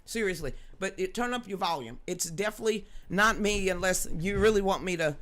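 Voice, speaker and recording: A woman hosting a casual live stream into a studio microphone, chatting with viewers in a loud, blunt and joking way, laughing often and swearing freely. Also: medium pitch, animated, brisk. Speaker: livestream host. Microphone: studio microphone with a level meter.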